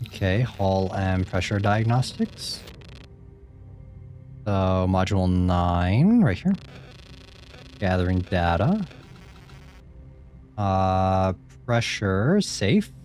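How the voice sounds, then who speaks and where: A man's voice: deep voice, animated, drawn-out words, long pauses, darkish tone. A man casually commenting while he plays a horror game, wry and reading prompts aloud. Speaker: streamer playing a game. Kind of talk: casual let's-play commentary.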